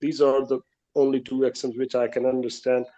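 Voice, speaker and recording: A man joining an English practice video call, speaking politely and formally and pausing often on uh fillers. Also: mid-range voice, flat delivery, dark tone, lo-fi sound. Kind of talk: casual group video call chat.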